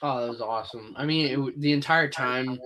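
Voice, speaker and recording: A man's voice: mid-range voice, brisk. Chill guy co-hosting, lots of likes and you knows, regular mid voice. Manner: relaxed, lots of fillers like "like" and "you know". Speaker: podcast co-host. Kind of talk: casual movie discussion.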